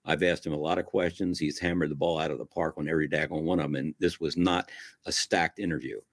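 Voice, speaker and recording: A man's voice: rumbling low, fairly even intonation, fast talker, no echo, clean studio sound. A man hosting an interview, talking in a folksy, effusive way with a preacherly sign-off. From Italian-American. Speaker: show host. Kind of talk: casual interview wrap-up.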